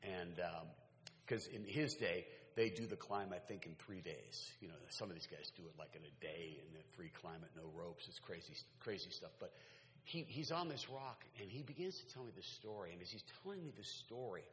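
A man's voice: deep voice, normal speed, a bit bright, slight background noise. A man preaching a sermon as a pastor, telling stories in a conversational way with asides to the audience. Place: large hall. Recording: echoey hall, faint ambience.

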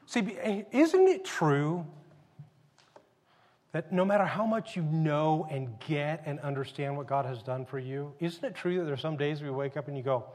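A man's voice: a little high, moderate pace, darkish tone, long reverb tail. A man preaching a sermon in a conversational storytelling manner, often restarting his sentences. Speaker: pastor.

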